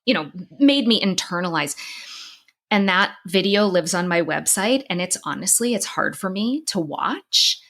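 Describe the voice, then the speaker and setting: A woman's voice: fairly low pitch, animated, measured pace, a bit bright. A middle-aged woman podcast host and psychologist, telling a personal story in conversation, candid and emotional with many restarts, crying at times.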